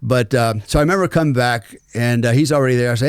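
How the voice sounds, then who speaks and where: A man's voice: medium pitch, fast talker, clean tone, no room sound. Middle-aged American man, ex-soldier guest, candid rambling storyteller, dry close mic. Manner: frank, rambling, many fillers and restarts. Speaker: former special forces soldier, podcast guest. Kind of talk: storytelling in a conversational interview.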